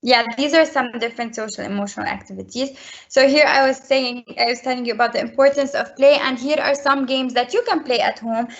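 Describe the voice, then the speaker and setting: Woman walking parents through her slides, restarts a lot, highish voice, muffled call audio. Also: a little fast. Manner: earnest, explanatory, many restarts. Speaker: presenter at a school webinar for parents. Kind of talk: webinar talk with slides. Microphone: video call.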